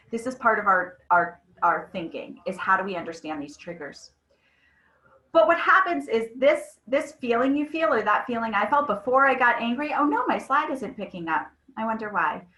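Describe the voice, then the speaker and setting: A woman's voice: medium pitch, moderate pace, echoey room, rough recording. A woman in her thirties presenting a webinar on mental health, talking conversationally and telling stories with frequent asides to her audience. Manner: conversational, animated storytelling with frequent "right?".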